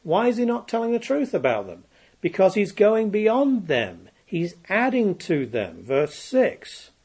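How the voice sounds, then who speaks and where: A man's voice: high voice, darkish tone, slightly rough. A man giving an emphatic Bible lecture, reading ancient treaty texts and scripture and repeating key points for stress. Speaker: Bible teacher.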